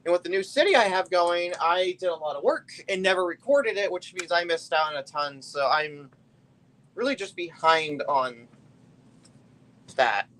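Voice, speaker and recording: Chatty man with a slightly high voice. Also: lively intonation, moderate pace, fairly bright tone. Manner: rambling, loose and talkative, often trailing off. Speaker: live streamer building a brick set. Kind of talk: casual live-stream chat.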